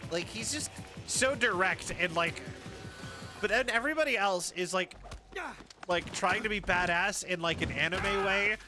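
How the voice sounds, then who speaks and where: A man's voice: high-pitched, normal speed. A man streaming a video game, chatting and joking casually with lots of filler words. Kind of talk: casual gaming commentary. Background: game music.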